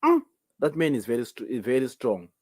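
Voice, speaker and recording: Brisk and mid-range, with huge pitch swings, this man is a Zimbabwean native speaker of Ndebele hosting a call-in talk show alone. His commentary comes out emphatic and repetitive, driven by one rhetorical question after another.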